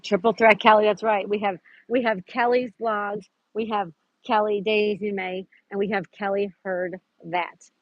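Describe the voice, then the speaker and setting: A woman hosts a relaxed live stream from a park and reads viewer comments aloud in an easy, chatty way. She greets people by name and laughs often. The sound is close and dry, with the dull, narrow tone of a phone stream. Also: medium pitch, a little slow, few pauses, no echo. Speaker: livestream host. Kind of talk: casual live chat reading viewer comments. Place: outdoors at a park.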